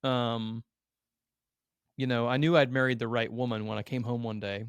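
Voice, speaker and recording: A man's voice: medium pitch, level tone, normal speed, clean tone, no echo. A man in his thirties, a podcast guest who owns an agency, telling his story candidly and earnestly, open about being a crier. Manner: earnest and emotional, a self-described crier.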